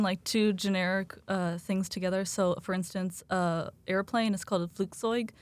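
A woman's voice: mid-range voice, fairly even intonation, moderate pace, hardly any pauses. A young woman, a student of German, talking casually on a student panel, chatty and sprinkling in "like.". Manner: chatty, laughs between points, many "like" fillers.

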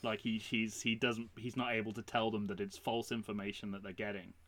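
A man co-hosting a casual podcast, telling a story pitch with animated energy and acting out the lines. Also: a little fast. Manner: animated storyteller, acts out quotes. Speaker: podcast co-host.

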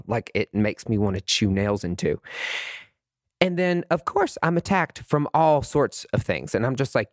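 A man's voice: fairly low pitch, brisk, no room sound. A young man hosting a podcast, delivering a heated, emphatic, sassy monologue full of swearing. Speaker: podcast host. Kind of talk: impassioned unscripted monologue.

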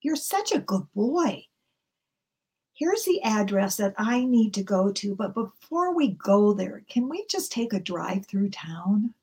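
Woman voicing a frail old lady, nineties, small soft voice, slow. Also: medium pitch, big pitch swings, husky, full character voice. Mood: grateful. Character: frail elderly woman in her nineties, gentle.

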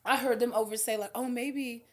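A young woman with a fairly high voice, swearing freely as she co-hosts a podcast. She tells her story in an animated, crude, casual way. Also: brisk. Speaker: podcast co-host.

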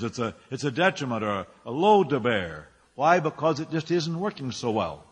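A man's voice: fairly high pitch, fairly bright tone, husky, long reverb tail. A male pastor preaching a sermon, firing rhetorical questions and building his phrases up with emphasis.

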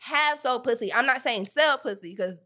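A woman with an Atlanta accent talks in a loose, candid chat, blunt and profane, breaking into laughter as she goes. Her voice sits a touch high and rings bright and forceful. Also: expressive, normal speed.

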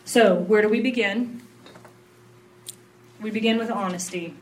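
Brief: woman preaching a sermon, earnest and confessional, mid-range pitch, picked up from a distance with faint noise. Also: a little slow. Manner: earnest, confessional, mixes quiet lows with emphatic rises. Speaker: pastor's wife.

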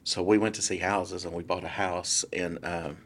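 A man's voice: low-pitched, normal speed. A man, a guest real estate broker telling a story casually and acting out the quotes in changing voices. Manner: animated, acts out quotes in different voices.

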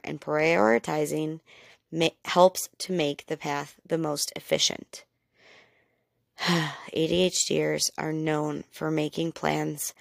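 A woman hosts a casual podcast, explaining things in a frank, chatty, self-deprecating way. Her voice sits low and has a gravelly fry to it. The recording is dry and close, with no room sound. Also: no echo. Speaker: podcast host.

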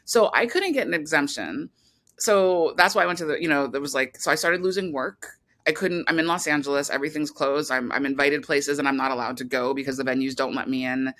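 A woman's voice: deep voice, a little fast, fairly bright tone. A woman filmmaker talking casually as an interview guest, rambling with many restarts and fillers.

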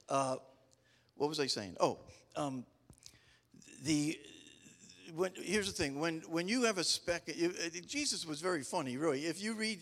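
Middle-aged male preacher, higher voice, loose storytelling with restarts, echoing in a large hall. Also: fairly bright tone. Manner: rambling, stop-start storytelling with frequent restarts; folksy and humorous. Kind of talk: casual conversational sermon. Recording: long reverb of a large hall.

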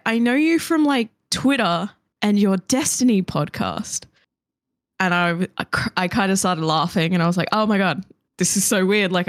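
Woman co-host, lively storyteller, dry close recording. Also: on the low side, no room sound. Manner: animated storytelling with laughter and swearing. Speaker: podcast co-host. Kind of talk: casual chat.

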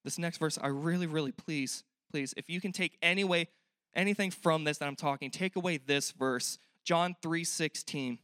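A man's voice: fairly high pitch, normal speed, pushed and bright, clean tone, no room sound, studio quality. A young man preaching a sermon in a church, earnest and conversational, often asking the listeners questions. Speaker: pastor.

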